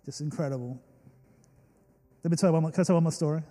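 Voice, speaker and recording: A young adult Australian pastor tells stories in a sermon, earnest and emotional, with many fillers and restarts. His voice is a little high and dark in tone, moving at a quick pace, with faint music behind him and a long reverb from the church hall.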